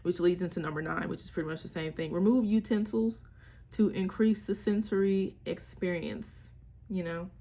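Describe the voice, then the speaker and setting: Young woman, candid wry mom chat, husky, lowish voice. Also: normal speed, warm tone. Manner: candid, wry, slangy, breaks into playful voices. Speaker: mother sharing parenting tips. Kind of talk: casual chat.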